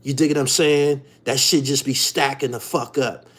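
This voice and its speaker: A man's voice: medium pitch, fairly even intonation, normal speed, fairly bright tone. A man hosting his own show, delivering a profane, heated monologue that keeps circling back to the same question. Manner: profane, repetitive, heated, keeps asking "you dig". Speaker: podcast host. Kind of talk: ranting monologue.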